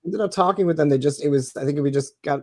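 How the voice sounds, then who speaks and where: A man guest talking casually in an interview, relaxed and halting, often repeating words. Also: a little high, no echo, clean studio sound. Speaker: guest, meadery owner.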